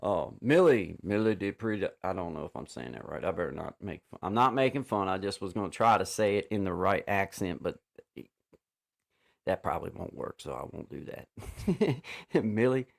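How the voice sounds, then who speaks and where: A man hosting a casual livestream chat over a video call, rambling with many restarts and fillers and giving warm shout-outs to viewers. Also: low voice, expressive, fairly quick, creaky. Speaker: livestream host.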